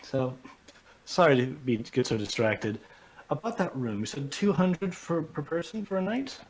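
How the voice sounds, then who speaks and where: Tabletop player, playful, very lively pitch, mid voice. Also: normal speed, a little hiss or hum. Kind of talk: tabletop role-play.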